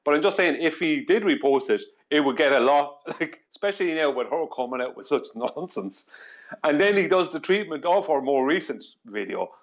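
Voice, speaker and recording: A man on an online panel, telling stories in an animated way and laughing as he goes. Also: fairly high pitch, normal speed, highs cut off. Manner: animated, giggly storyteller. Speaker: panel guest. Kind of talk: casual panel chat.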